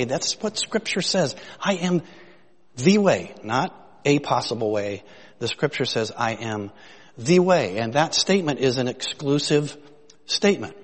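A pastor preaches to his congregation in an easy, conversational way, pressing his points with rising emphasis. His voice sits at an ordinary middle pitch for a man. Long reverb from the hall trails each phrase. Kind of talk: sermon.

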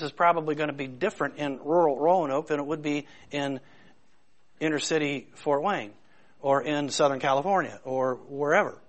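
Speaking in a fairly high, slightly bright voice, a pastor gives an informal, searching sermon that feels like a conversation and is packed with rhetorical questions.

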